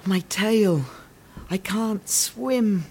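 A man voicing a hurt, proud mermaid queen in a storybook tale, with a breathy, strained sound. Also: high voice, very slow, a little mellow, pitched above the performer's own voice, full character voice. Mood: pained. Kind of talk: storybook voice acting.

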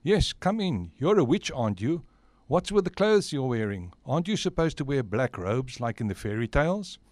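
A man's voice: mid-range voice, big pitch swings, moderate pace, darkish tone, dry recording, lightly acted. A man voicing a joking, teasing Santa Claus in a storybook tale. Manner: teasing and jokey. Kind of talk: storybook voice acting.

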